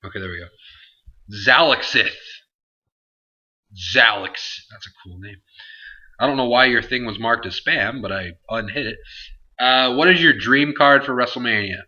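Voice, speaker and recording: A man's voice: medium pitch, normal speed, bright, forceful tone, highs cut off. A man hosting a casual Q&A vlog, answering viewer questions in a rambling, self-interrupting way. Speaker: host.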